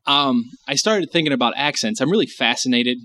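A man's voice: medium pitch, expressive, brisk, sharp tone. A man co-hosting a podcast, chatting casually and rambling, swearing now and then. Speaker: podcast co-host. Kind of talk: casual chat.

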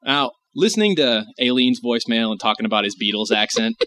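A man's voice: medium pitch, lively intonation, fairly quick, pushed and bright. A man co-hosting a podcast, chatting casually and rambling, swearing now and then. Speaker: podcast co-host. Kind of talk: casual chat.

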